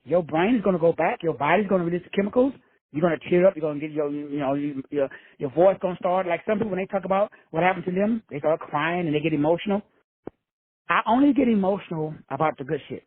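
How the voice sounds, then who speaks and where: Man preaching self-help, casual and profane, husky high voice, dry close sound. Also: quick pace, no echo, narrow, tinny audio. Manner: preachy, addresses listeners as brothers and sisters; casual, with frequent swearing. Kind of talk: motivational talk.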